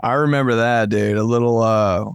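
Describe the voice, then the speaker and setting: A man's voice: medium pitch, fairly even intonation, normal speed, clean tone, no room sound, studio quality. A young man co-hosting a podcast over a video call, chatting casually, rambling and laughing while saying "bro" and "dude" a lot. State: sick with phlegm. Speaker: podcast co-host. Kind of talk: casual chat. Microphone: headphones with podcast mic on a video call.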